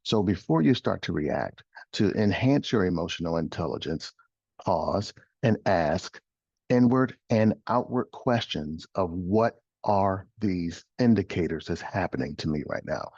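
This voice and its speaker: Husky low-voiced middle-aged man coaching. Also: expressive, a little slow, a little mellow, no room sound, lo-fi sound. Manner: emphatic, repeats phrases, poses rhetorical questions. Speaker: host and life coach. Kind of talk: motivational talk. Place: studio.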